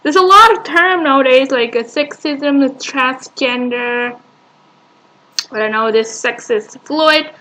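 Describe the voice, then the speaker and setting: Woman doing reaction commentary, high bright voice, slow and hesitant, lots of um and like. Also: poor audio. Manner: hesitant, dismissive, many fillers. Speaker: reaction video host.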